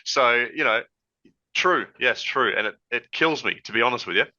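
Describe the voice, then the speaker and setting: A man co-hosting a podcast in a relaxed, rambling chat from a hot room at home, talking through an old headset. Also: mid-range voice, moderate pace. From Australia. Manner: rambling, easygoing, laughs often. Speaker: podcast co-host. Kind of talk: casual chat. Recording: lo-fi headset audio.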